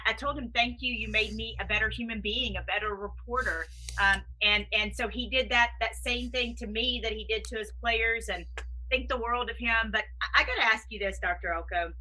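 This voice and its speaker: Woman host, super bright voice, gushing and encouraging, chatty interview. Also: on the high side, poor audio. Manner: effusive, encouraging. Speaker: podcast host. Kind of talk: conversational interview.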